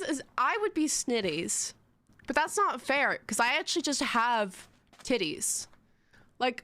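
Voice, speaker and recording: Giggly young woman streamer, a little high-pitched. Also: bright, forceful tone. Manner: rambling, giggly, self-mocking banter. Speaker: live streamer. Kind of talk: casual live-stream chat.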